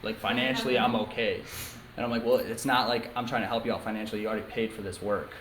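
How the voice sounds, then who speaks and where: Speaking fast with a lowish, steady, slightly bright voice, a young upstate New Yorker shares a frank personal story at a recovery meeting. His telling is full of ums and likes, captured in an echoey meeting room with a faint hiss.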